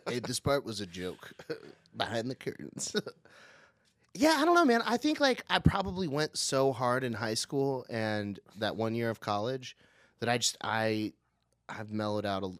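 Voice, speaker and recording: Animated laughing man telling stories. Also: fairly low pitch, dry recording, studio quality. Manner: animated, laughing often, acts out voices in stories. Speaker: podcast co-host. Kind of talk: casual storytelling chat.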